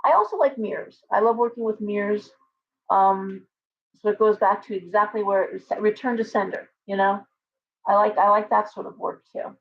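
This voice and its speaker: A woman's voice: medium pitch, normal speed. A woman hosting a casual tarot livestream, talking animatedly with restarts and asides to her viewers. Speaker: tarot reader and livestream host. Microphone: webcam with ring light. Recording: slightly dull lo-fi stream audio.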